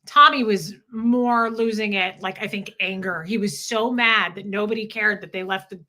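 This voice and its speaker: A woman co-hosting a casual livestream chat, telling a story in an animated way and acting out what people said. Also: medium pitch, moderate pace. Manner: animated storyteller who acts out quotes. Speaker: livestream co-host.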